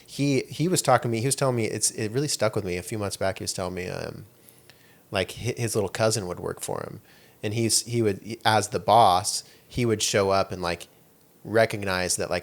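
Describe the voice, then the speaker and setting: A man's voice: lowish voice, moderate pace. A young adult man hosting a podcast in casual chat, rambling and leaning on "like" and "you know". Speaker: podcast host.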